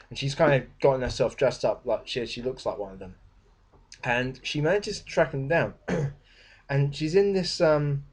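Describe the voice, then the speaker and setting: A man's voice: medium pitch, darkish tone. A young man giving a rambling, casual spoken book review. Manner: rambling, with many fillers and restarts.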